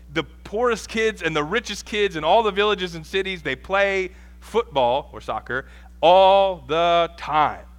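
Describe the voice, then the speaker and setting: Man, 30s, pastor, bright voice, slightly high, chatty sermon. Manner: conversational, self-deprecating preaching with asides and laughs.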